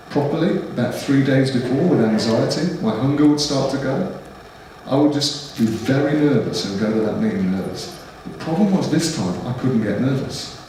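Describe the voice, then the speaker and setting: A man's voice: mid-range voice, lively intonation, normal speed, darkish tone. A middle-aged man, earnestly telling a personal testimony to a church gathering. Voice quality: earnest, emotional storytelling. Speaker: speaker. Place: large echoey church hall. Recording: echoey hall, distant mic, noisy.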